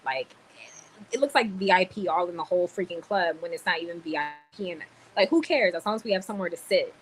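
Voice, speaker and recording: A woman's voice: on the low side, animated, quick pace, a little hiss or hum, low-quality recording. A woman venting on a livestream, annoyed and swearing as she tells a story. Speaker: livestream host. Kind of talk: ranting livestream chat.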